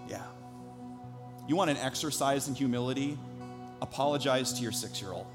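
A man's voice: mid-range voice, normal speed, pauses often, music in the background. A man in his thirties, a pastor preaching a sermon, telling a personal story earnestly before building to emphatic preaching.

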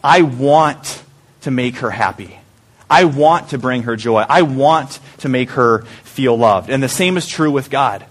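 A man's voice: mid-range voice, expressive, a little slow. A man preaching a conversational sermon to a church group in small pods, often asking the room questions. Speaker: pastor.

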